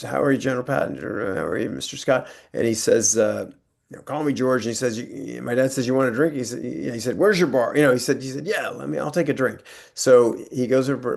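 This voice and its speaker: A man's voice: lowish voice, a little mellow. A man in his sixties from the United States, telling anecdotes as a guest speaker in a rambling, conversational way. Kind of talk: anecdotal storytelling talk.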